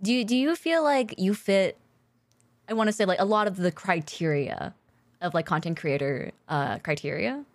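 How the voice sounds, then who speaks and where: A woman's voice: mid-range voice, normal speed, no room sound. A young woman co-hosting a podcast in casual chat, rambling with lots of fillers, laughing and swearing freely. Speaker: podcast co-host.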